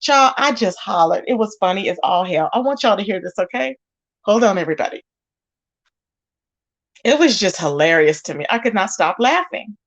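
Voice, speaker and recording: A woman hosting a casual live stream, animated, greeting viewers with pet names. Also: medium pitch, normal speed. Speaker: host of a live commentary channel.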